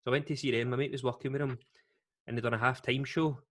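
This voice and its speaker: A man's voice: mid-range voice, fairly even intonation, quick pace, a little hiss or hum. Rambling Scottish storyteller man. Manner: rambling storyteller, swears freely. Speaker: podcast host. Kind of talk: casual chat.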